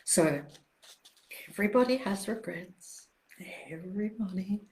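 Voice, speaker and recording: Gentle older woman on a livestream. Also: medium pitch. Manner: gentle, reassuring, repetitive phrasing with soft pauses. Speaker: self-help author hosting a live Q&A. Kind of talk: live-streamed Q&A talk.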